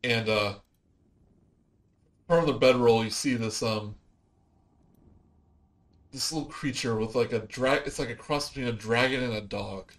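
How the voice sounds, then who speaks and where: A man narrating a tabletop game as game master, halting with many fillers, on low-quality home audio.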